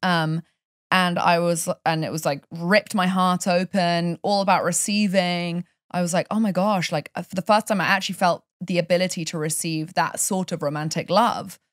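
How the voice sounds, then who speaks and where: A woman's voice: on the low side, moderate pace, no echo, studio quality. A woman from Europe, a life coach chatting on a podcast and telling stories with passion. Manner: passionate, animated storytelling. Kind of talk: casual podcast chat.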